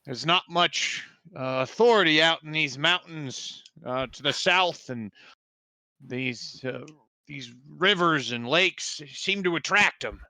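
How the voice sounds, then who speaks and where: A hospitable but guarded village chief speaks haltingly in a tabletop game, as a man puts him on. The voice is a touch raised, slow and bright. The sound is dry and close. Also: a little high, no echo, pitched above the performer's own voice, heavily acted. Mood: cautious. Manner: hesitant, halting. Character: male mining village leader, cautious, hospitable.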